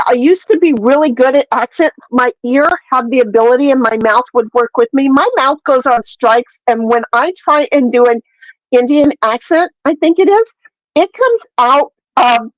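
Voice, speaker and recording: A high-pitched woman talks in a loose, rambling way, full of fillers, with the odd curse word. The audio is dry and a little dull. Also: dry recording. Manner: rambling, profane, animated ranting with many fillers. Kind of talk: casual chat.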